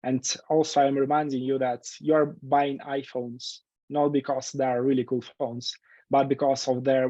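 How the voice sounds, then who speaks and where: A man giving earnest introductory remarks as the moderator of an online webinar, with some restarts, on a dull low-fidelity recording. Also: warm tone, no room sound.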